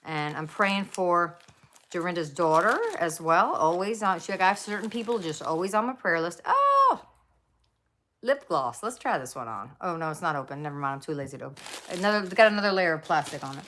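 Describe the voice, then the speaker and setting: Middle-aged woman, low voice, chatty rambling home vlogger, faint background rustle. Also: lively intonation, fast talker, a bit bright, slight background noise. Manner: chatty, rambling, lots of fillers and side stories. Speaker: craft vlogger. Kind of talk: casual rambling haul vlog. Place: home craft room.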